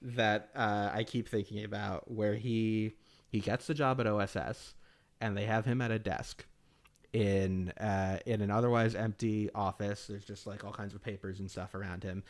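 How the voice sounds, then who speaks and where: A man's voice: on the low side, fairly even intonation, moderate pace. A man co-hosting a podcast, talking casually about movies, laughing often and acting out scenes. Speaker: podcast co-host. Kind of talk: casual film discussion.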